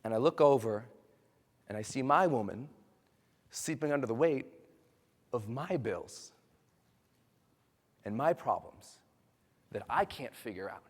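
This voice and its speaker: Impassioned man rallying a hall audience. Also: mid-range voice. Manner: impassioned, building from quiet storytelling to loud rallying. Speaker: motivational speaker. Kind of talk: motivational seminar speech. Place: large hall with a live audience. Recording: long hall reverb.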